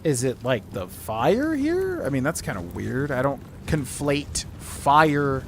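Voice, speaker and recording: A male streamer in casual let's-play commentary, thinking out loud and rambling with plenty of fillers. His voice sits at an ordinary middle pitch, with faint background noise behind it. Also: very animated, slow pace.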